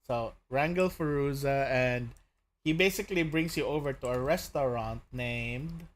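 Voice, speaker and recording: A man's voice: mid-range voice, a little slow. A man narrating as game master of a tabletop game, hesitant, filling his speech with "uh" and "basically".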